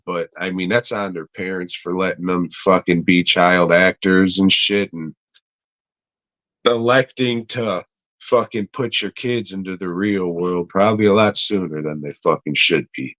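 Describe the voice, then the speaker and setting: Slow, low-voiced profane podcast co-host. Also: male voice, fairly bright tone, no echo. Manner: profane, rambling, frequent fillers. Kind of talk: casual podcast chat.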